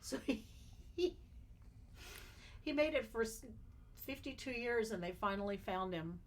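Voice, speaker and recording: A woman's voice: on the high side, lively intonation, unhurried, slight background noise. A woman co-hosting a podcast, reading out strange news stories and chatting casually. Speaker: podcast co-host.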